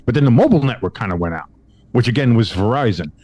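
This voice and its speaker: Animated man telling a story. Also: fast. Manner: animated, acts out quotes with big pitch jumps; profane, frequent restarts. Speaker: podcast co-host. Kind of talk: casual storytelling chat.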